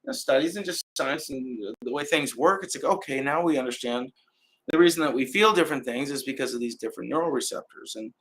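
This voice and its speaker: A man's voice: mid-range voice, expressive, fast talker, fairly bright tone, low-quality recording. A young man, hosting a casual live stream and rambling loosely with fillers and trailing laughs. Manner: many fillers and restarts.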